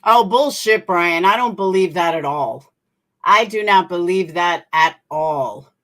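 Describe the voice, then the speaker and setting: A woman's voice: on the low side, animated, unhurried, fairly bright tone. A woman hosting a commentary channel, talking bluntly and indignantly and swearing freely. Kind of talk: opinionated commentary.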